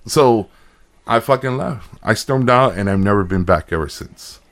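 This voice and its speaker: A man's voice: lowish voice, moderate pace, fairly bright tone. A man in his thirties, a podcast co-host, telling a story in casual chat, acting out both sides of a conversation and swearing when worked up.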